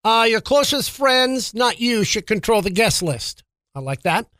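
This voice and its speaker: A man's voice: high-pitched, very animated, measured pace, bright, forceful tone, no echo, clean studio sound. A man hosting a radio-style podcast, reading out news items and adding wry, sarcastic asides. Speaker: podcast host. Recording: music bed under the voice.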